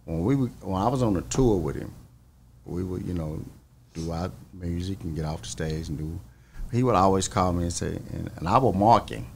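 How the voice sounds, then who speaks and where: A male singer, a guest in an interview, telling a lively story and laughing often as he talks. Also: low voice, normal speed, gravelly, slight background noise.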